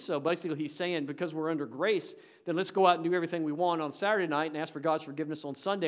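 A man's voice: on the high side, fast talker, few pauses. A man preaching a sermon as pastor, speaking conversationally and directly to the congregation, with emphatic swells and drops in volume. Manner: emphatic, rising and falling in volume.

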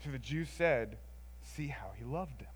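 A man preaching a sermon in an expressive, conversational way, moving between emphatic lines and hushed ones and often adding "like" and "right?". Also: medium pitch, a little slow, breathy edge.

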